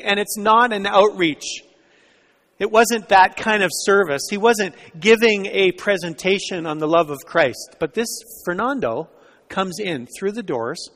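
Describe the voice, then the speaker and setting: A man preaching a sermon in a church, telling a story and often dropping into soft, hushed lines. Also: sits high. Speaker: pastor. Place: church sanctuary. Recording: long reverb of a church hall.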